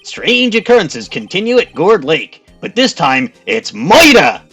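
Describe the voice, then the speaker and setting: A man's voice: sits high, sing-song, a little slow, a bit bright, breathy edge, faint music behind, voice pushed up, heavily acted. A man doing a silly male TV news reporter voice, with a mock-formal newscaster delivery, for a comedic game playthrough. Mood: urgent bulletin.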